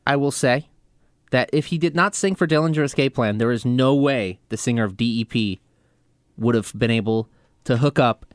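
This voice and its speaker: A man's voice: mid-range voice, moderate pace, no room sound, studio quality. A man co-hosting a heavy metal radio show, reading band news in casual chat with crude, offhand jokes.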